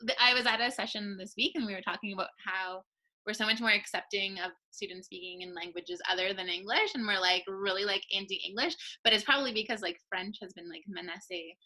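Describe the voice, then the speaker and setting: A woman with a very bright, sharp voice talks at a rapid clip. She is a teacher who fills her sentences with quick fillers and laughs as she goes. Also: mid-range voice, rough recording. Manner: rapid, laughing, many likes. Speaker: French immersion teacher. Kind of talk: casual group chat.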